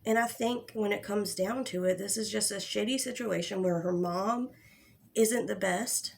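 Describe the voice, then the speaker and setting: A woman's voice: mid-range voice, moderate pace, creaky. A young woman hosting a casual livestream about online drama, talking bluntly with plenty of swearing and restarts. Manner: blunt and profane, with frequent restarts. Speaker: drama commentary host.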